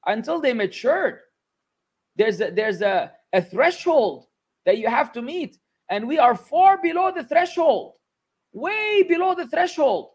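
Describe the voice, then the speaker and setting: A man teaching a religious class, animated and scolding, dropping Arabic phrases into his talk. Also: very high voice. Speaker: Islamic teacher.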